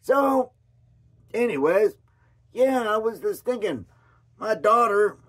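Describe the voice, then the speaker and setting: This hoarse male commentary vlogger, pitched a bit above the typical man, wanders through a loose commentary, losing his thread and returning to it. He sounds animated and somewhat bright while taking his time.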